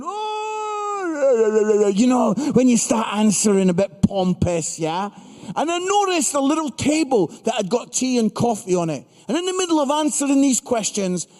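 A middle-aged man preaching a humorous sermon to a live audience, punchy and animated, acting out voices as he tells stories. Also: extremely high pitch. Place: large hall with live audience. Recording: reverberant hall.

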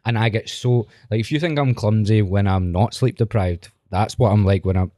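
A man with a lowish voice, talking in a casual podcast chat. He tells his stories bluntly and pokes fun at himself. The sound is close and dry, with no room around it. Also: normal speed, dark tone, no echo. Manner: blunt, self-mocking storytelling. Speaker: podcast host.

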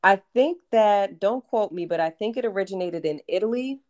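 A woman tarot reader talking about readings in a relaxed, rambling way, full of fillers and restarts. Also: medium pitch, normal speed. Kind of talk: casual podcast chat.

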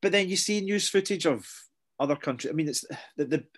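A man's voice: fairly high pitch, animated, a little fast. A British man co-hosting a casual political chat, rambling and jokey. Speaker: podcast co-host.

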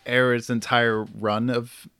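A man of middle pitch hosts a relaxed podcast conversation. He chuckles often and trips over hard names as he talks. The sound is dry and close. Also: takes it slowly, clean tone, no room sound. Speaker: podcast host. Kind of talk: casual podcast chat.

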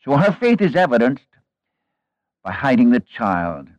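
A man's voice: mid-range voice, sing-song, unhurried, dry recording, muffled recording. Earnest storytelling preacher man. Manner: earnest, storytelling with rhetorical questions and folksy asides. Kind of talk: sermon.

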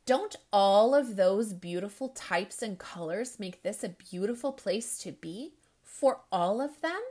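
A woman voicing a kind, calm male school principal who speaks quietly and patiently in a storybook reading. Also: medium pitch, unhurried. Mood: soothing.

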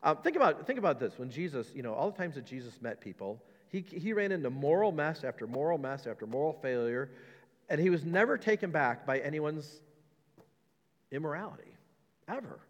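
Male pastor, lively and jokey sermon delivery, big pitch swings, hall echo. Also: fairly quick. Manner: animated, mocking quotes with laughs. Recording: long reverb of a hall.

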